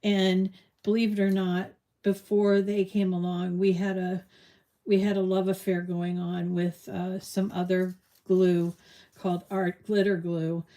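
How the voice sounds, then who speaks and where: Middle-aged woman, crafting tutorial host; relaxed, slow delivery, rambling and conversational. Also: lowish voice. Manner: rambling, chatty, drifts off on tangents. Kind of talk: casual live crafting tutorial chat.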